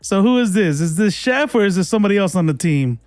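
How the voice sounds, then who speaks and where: Brief: young male streamer, slightly high voice, laughing, loose and casual, dry close sound. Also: lively intonation, quick pace, darkish tone, dry recording. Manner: chatty, laughing, swearing, fumbling with settings. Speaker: livestream host. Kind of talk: casual livestream chat.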